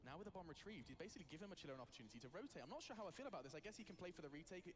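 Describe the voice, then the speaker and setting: A man casting a video game match, with excitable play-by-play commentary that rises to shouts on big plays. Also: on the high side, rapid-fire. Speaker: esports caster. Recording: broadcast with loud background noise.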